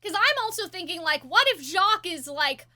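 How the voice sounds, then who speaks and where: A young woman hosting a casual reaction discussion, theorizing excitedly in a rambling way with lots of fillers. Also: very high-pitched, normal speed. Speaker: host.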